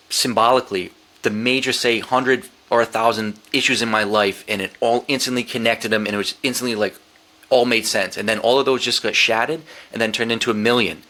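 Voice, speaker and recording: Telling his story as a podcast guest, this middle-aged man speaks in a fairly low yet bright voice with a forceful tone. The interview is candid, and his account is profane and emotional, broken by restarts and voiced inner thoughts.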